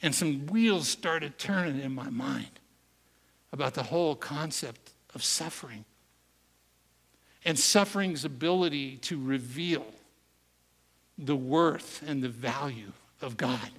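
A man telling a story in a sermon, earnest and conversational, slowing down for emphasis, heard in an echoey hall. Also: mid-range voice, fairly bright tone, husky. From United States. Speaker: preacher.

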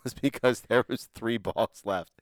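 A man's voice: medium pitch, unhurried, dry recording. A man co-hosting a casual podcast, talking in a laid-back, profane way and chuckling often. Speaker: podcast co-host. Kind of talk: casual chat.

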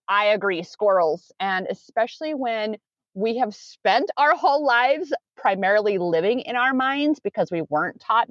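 A woman's voice: mid-range voice, fairly bright tone, no echo. Meandering woman coach, dull recording. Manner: meandering, self-correcting, earnest. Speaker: coach with clients. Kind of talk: conversational interview. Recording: dull lo-fi sound.

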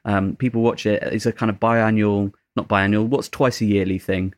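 A man's voice: on the low side, steady tone, normal speed, dry recording. A man chatting casually as a podcast co-host, rambling a little and correcting himself as he goes. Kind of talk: casual chat.

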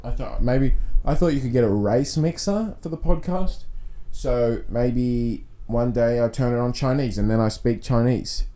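Solo male podcast host, deadpan and rambling, mid-pitched, talking close to a podcast mic. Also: measured pace, hardly any pauses. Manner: deadpan, rambling, self-mocking.

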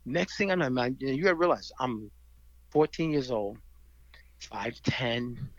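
Middle-aged man, gravelly, husky voice, animated storyteller who acts out voices, slightly dull recording. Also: medium pitch, moderate pace, dry recording. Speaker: guest storyteller. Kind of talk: casual storytelling in conversation.

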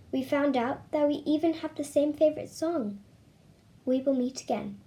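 A woman reading a story aloud with expressive, emotional delivery. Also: on the high side. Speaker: reader. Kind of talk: storybook narration.

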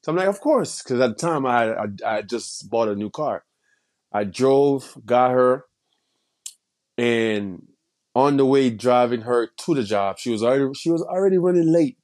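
A man's voice: medium pitch, moderate pace, darkish tone. A man telling a personal story in casual street slang, rambling, with many restarts and repeated phrases. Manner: heavy street slang and swearing.

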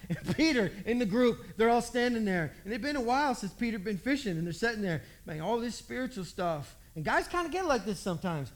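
A man's voice: very high voice, sing-song, a little fast, hardly any pauses. A man preaching a folksy storytelling sermon, acting out the voices in the story.

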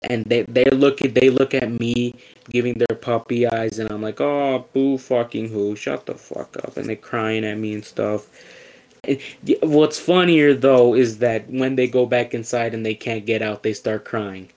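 A man's voice: mid-range voice, steady tone, moderate pace, darkish tone, poor audio. A young man on a casual podcast chat, ranting with lots of swearing and stammered restarts. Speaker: podcast host.

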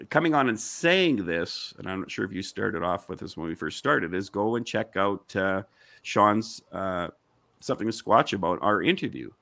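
Insistent gravelly man arguing his case. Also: fairly low pitch, pushed and bright, dry recording. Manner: insistent, argumentative, rhetorical questions. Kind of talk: heated online panel discussion.

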